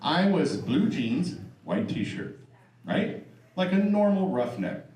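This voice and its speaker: A man's voice: a little high, big pitch swings, takes it slowly, darkish tone, far from the mic. A middle-aged man doing a profane, chatty stand-up comedy set with crowd work, on a club stage mic. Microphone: stage microphone. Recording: roomy live stage recording. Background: audience laughter.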